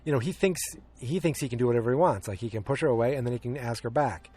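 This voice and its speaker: A fast-talking podcast host with a warm, mid-range voice and a breathy edge retells a film in an offhand, wandering way. He's full of ums and restarts, and he plays out the quoted lines.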